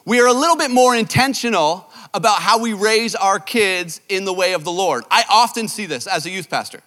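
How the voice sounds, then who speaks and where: Animated youth pastor in a reverberant hall. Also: male voice, high voice, fairly quick. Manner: animated, self-deprecating storytelling. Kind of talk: sermon with storytelling.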